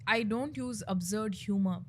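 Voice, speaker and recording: A woman's voice: mid-range voice, moderate pace, a little hiss or hum. Chatty woman comedian. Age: young adult. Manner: chatty, laughs often. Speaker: comedian guest. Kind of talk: casual interview chat.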